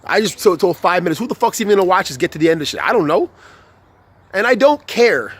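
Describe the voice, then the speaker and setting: Young dude ranting and cussing on his vlog, high voice, keeps tripping over his words. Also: sing-song, fast talker, fairly bright tone. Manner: profane, repetitive, heated and restarting. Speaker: vlogger. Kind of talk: unscripted motivational rant.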